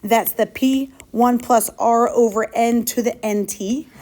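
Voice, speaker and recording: A woman's voice: on the high side, steady tone, a little mellow. Upbeat woman teaching a math class. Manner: upbeat, quick, calls out questions to students. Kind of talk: classroom lesson.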